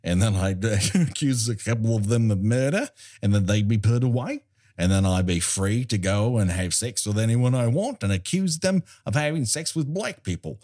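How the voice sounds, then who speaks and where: A mocking send-up of a scheming male movie star in a put-on Australian accent, as a man puts it on. The voice dips low and gleeful and keeps breaking into laughter. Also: lively intonation, normal speed, darkish tone.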